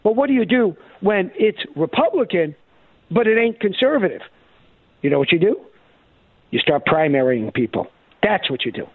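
A man's voice: high voice, moderate pace, long pauses, no echo. A man co-hosting a talk radio show, delivering an emphatic, sarcastic political monologue. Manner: emphatic, sarcastic, animated quoting. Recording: thin phone-like radio audio.

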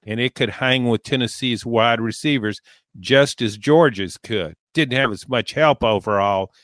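A man co-hosting a sports podcast, analytical and measured with a touch of dry sarcasm. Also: mid-range voice, fairly bright tone, no echo. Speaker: podcast co-host. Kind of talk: casual sports podcast discussion.

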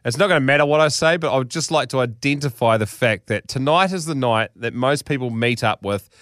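A man in his young adult years co-hosts a casual podcast, reading out a listener's story with laughs breaking through and swearing freely. His voice sits at an ordinary middle pitch. The recording is dry and close, with no room around it. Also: brisk, a bit bright, no echo. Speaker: podcast co-host.

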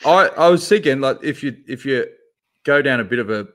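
An Australian man co-hosting a podcast, telling stories in a lively, slangy, casual way. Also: medium pitch, a little fast. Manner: animated, slangy yarn-spinning. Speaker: podcast co-host. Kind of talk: casual chat, storytelling.

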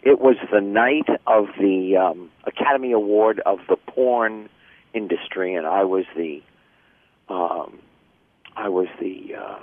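A man's voice: on the low side, slow, gravelly, no room sound. An older man chatting casually as a guest, telling stories and jokes. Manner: chatty, jokey storyteller. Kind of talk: casual chat. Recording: tinny phone line.

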